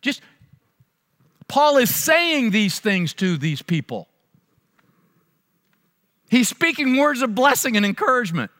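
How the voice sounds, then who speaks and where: A man preaching a sermon as a pastor, telling stories with animated delivery and acting out voices. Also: very high-pitched, slow, pauses often. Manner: animated storytelling, acts out voices. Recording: long reverb of a large hall.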